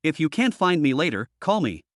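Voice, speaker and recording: A man reading the lines of a gentle, trusting young woman in a story, speaking softly. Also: fairly high pitch, very animated, moderate pace, dry recording, clean studio sound. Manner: soft-spoken, trusting.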